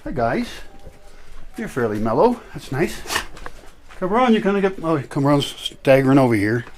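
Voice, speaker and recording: A man's voice: on the high side, sing-song, normal speed. Man, casual vlog, talks to his dogs, coaxing, faint background noise. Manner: coaxing dogs, sometimes calling out loudly. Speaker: vlogger.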